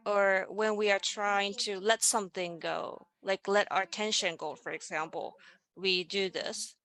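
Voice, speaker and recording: A woman presents over a video call, her mid-range voice unhurried and deliberate. She explains each idea step by step and leads her listeners through simple vocal exercises. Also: medium pitch, fairly even intonation, fairly bright tone. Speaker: presenter in a panel dialogue. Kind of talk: online presentation on voice and music.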